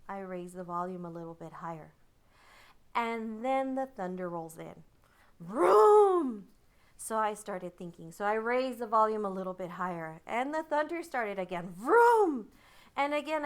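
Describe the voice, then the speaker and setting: A woman telling a childhood story in a vivid, dramatic way, making thunder sounds with her voice and dropping to a hushed tone in the tense parts. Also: a little high, clean tone. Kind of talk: personal storytelling.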